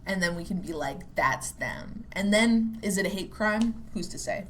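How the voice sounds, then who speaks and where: With a medium-pitched voice at normal speed, this young podcast host thinks out loud on her own show, wandering from idea to idea. She fills her speech with "like," pokes fun at herself, and occasionally swears, her casual, unpolished talk sitting over a faint background hum.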